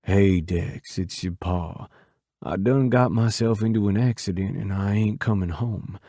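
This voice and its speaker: A man voicing a dying older man, talking weakly and slowly with a drawl. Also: on the low side, mellow, no echo, studio quality. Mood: resigned. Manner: weak, slow, drawling. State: weak and fading. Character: dying older man, fearful yet resigned.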